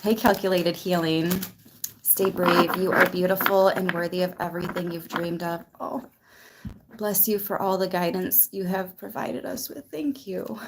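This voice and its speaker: A woman's voice: lowish voice, normal speed, noisy background. A woman hosting a tarot channel, chatting casually on a livestream while near tears, emotional and grateful as she greets viewers by name. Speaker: tarot reader and channel host.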